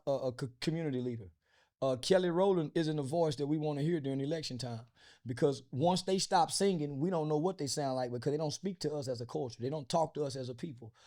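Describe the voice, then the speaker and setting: A man's voice: fairly high pitch, mellow. A man from the United States, an interview guest, talking bluntly and crudely with lots of fillers and restarts. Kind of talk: casual interview talk.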